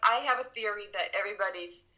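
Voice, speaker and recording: A woman's voice: medium pitch, fast, a little hiss or hum, rough recording. A middle-aged woman, a film production veteran, telling stories in an interview and acting out what people said. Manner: animated, acts out quotes. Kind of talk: storytelling interview.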